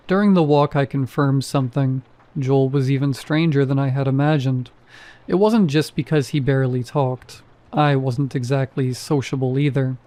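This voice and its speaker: A man's voice: medium pitch, mellow. A man narrating a first-person horror story with a wry, skeptical manner.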